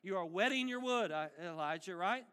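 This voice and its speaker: A man preaching a sermon as pastor, emphatic and animated with dry humor. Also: high voice, normal speed, clear, resonant tone. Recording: long reverb of a large hall.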